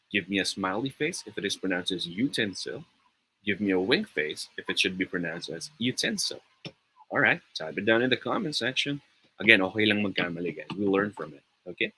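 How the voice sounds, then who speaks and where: A young Filipino man runs a lively online pronunciation class, upbeat and encouraging, sometimes slipping into Tagalog. His voice sits fairly low, yet it comes across bright and a touch husky. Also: fairly quick, poor audio. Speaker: online tutor. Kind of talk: live online pronunciation lesson.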